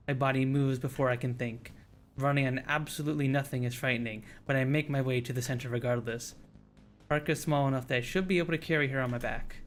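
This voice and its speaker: A man streaming a visual novel, reading its narration aloud at a mid pitch in a relaxed, casual way. He often restarts phrases and stumbles over words as he reads.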